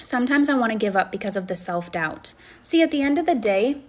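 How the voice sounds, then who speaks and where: A woman's voice: fairly high pitch, animated, fairly quick. A woman coaching and chatting on a phone live stream, effusive and encouraging as she answers comments. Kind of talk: casual live-stream chat, reading comments.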